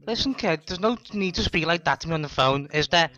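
A man's voice: fairly high pitch, animated, fast, noisy background, lightly acted. A man dubbing a bossy, cheeky male weed dealer in a comedy voiceover. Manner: bossy, cheeky, shouty bursts. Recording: dull lo-fi dub.

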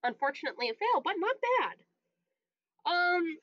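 A woman running a tabletop role-playing game as game master, narrating in a calm, laid-back way. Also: very high voice, a little slow, dry recording, muffled recording.

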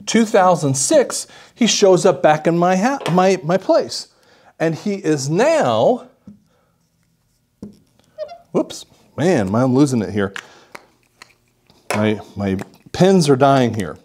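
A male audiologist explaining a patient case as a lively story, acting out what the patient said. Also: fairly high pitch, takes it slowly, long pauses. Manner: animated storytelling, acts out the patient's lines.

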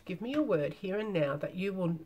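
A woman voicing a withered, crafty old hag in a storybook reading, with husky, insistent speech. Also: lowish voice, lively intonation, fairly quick, warm tone. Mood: coaxing.

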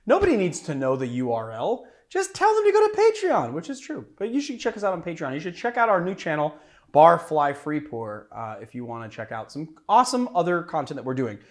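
A man's voice: a little high, very animated, fairly quick. A man hosting a casual cocktail show, chatting in a rambling, hedging way about a drink's history. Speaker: bartender host.

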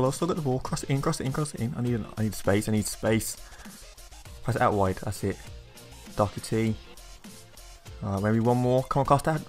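A young man giving excitable live commentary on a football video game, shouting at his players. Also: medium pitch. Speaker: gaming YouTuber.

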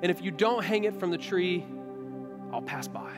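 A jittery young man full of regret, as a preacher acts him out stumbles over his words and repeats himself. The voice sits fairly high and rings out across a reverberant church hall, with soft music underneath. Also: animated. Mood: pleading. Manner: halting, repeats words nervously. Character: anxious young man going home to estranged parents.

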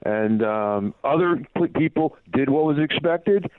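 A man's voice: a little high, lively intonation, a little slow, no echo. A man, a former baseball team PR manager, telling anecdotes as a guest in a phone interview, rambling and full of "you know" fillers. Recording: tinny dry phone line.

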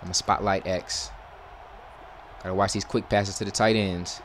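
A young man with a slightly low voice talks casually over a football video game, chatty and relaxed with his audience. He often erupts into loud, exasperated yelling at the plays. A faint hiss of noise sits under the recording. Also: normal speed. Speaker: gaming YouTuber. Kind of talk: casual gameplay commentary.

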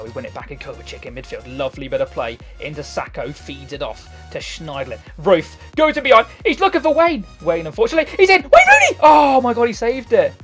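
A man in his twenties giving excitable live gameplay commentary, swearing often and bursting into shouts. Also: fairly high pitch. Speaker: gaming YouTuber. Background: faint background music.

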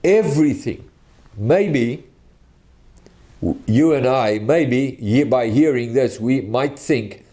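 A man preaching a teaching sermon with a mellow, relaxed tone. He speaks earnestly and deliberately, often restarting his phrases as he works through a point. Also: medium pitch.

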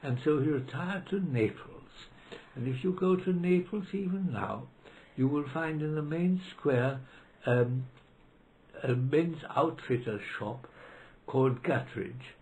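A man's voice: fairly high pitch, lively intonation, slow pace, a little mellow, poor audio. A man, reminiscing hesitantly in an interview, with many fillers and restarts. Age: 90s. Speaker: interviewee, retired law professor. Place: library room.

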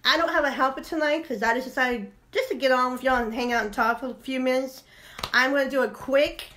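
A woman with a high-pitched, sharp voice talks briskly on a jewelry-selling live stream, keeping the chat casual, playful, sing-song and rambling. A faint hiss or hum runs underneath.

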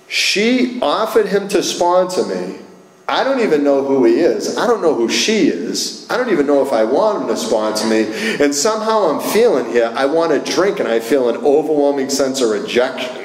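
A man's voice: mid-range voice, expressive, moderate pace. Guy telling his recovery story at a meeting, rambly, lots of "like" and "he said i said", echoey room. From Massachusetts. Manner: storytelling with lots of filler words and quoted dialogue. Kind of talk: personal recovery talk to an audience. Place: meeting hall.

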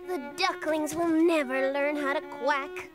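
A woman's voice: high-pitched, a little slow, loud music behind the voice. A woman voicing Duck, a fussy, easily flustered female cartoon duck who frets dramatically. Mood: despairing. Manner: dramatic, fretful.

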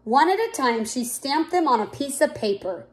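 A woman reading a children's picture book aloud in a clear, expressive way. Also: sits high, moderate pace. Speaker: storyteller.

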